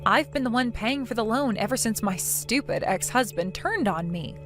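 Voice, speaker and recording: A woman's voice: fairly high pitch, lively intonation, normal speed, a bit bright, soft background music. A woman reading both sides of a text-message quarrel as a scripted story, scornful and breaking into mocking laughter.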